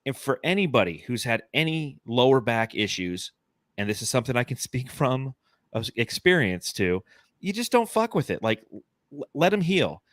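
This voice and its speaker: A man in his forties hosting a casual sports podcast, talking in an animated, rambling, enthusiastic way. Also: medium pitch, normal speed, dry recording, studio quality. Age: 40s. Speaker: podcast host.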